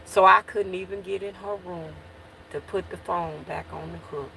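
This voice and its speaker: A woman's voice: fairly low pitch, steady tone, normal speed, gravelly, bright, forceful tone, a little hiss or hum. A woman telling an emotional personal story to her viewers. She restarts and repeats herself as she relives it, and she keeps calling out to her listeners.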